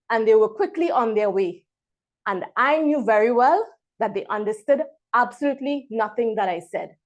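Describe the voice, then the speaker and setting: A woman from Trinidad and Tobago, giving a prepared speech over a video call and pausing dramatically between words. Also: on the high side, expressive, darkish tone. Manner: dramatic pauses, emphatic word-by-word delivery. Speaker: club member giving a speech.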